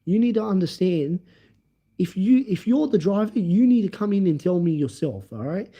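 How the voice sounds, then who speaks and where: A condescending male police officer, lecturing in a raised, pushy voice, as a man puts him on while retelling a story. His tone is dark and mellow for all the lift in pitch. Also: animated, moderate pace. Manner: talking down, lecturing.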